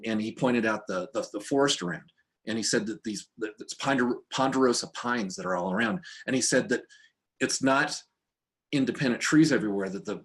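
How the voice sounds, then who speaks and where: A man's voice: mid-range voice, a bit bright. A middle-aged man giving an informal dharma talk as a recovery meditation teacher, tired from poor sleep, meandering and heartfelt with frequent restarts, filmed on camera indoors in a friend's home. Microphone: camera in front of him.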